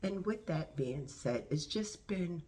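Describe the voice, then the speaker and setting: A woman's voice: deep voice, lively intonation, takes it slowly, warm tone. A woman telling a story casually to her video camera at home, chatty and rambling with frequent asides. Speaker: vlogger.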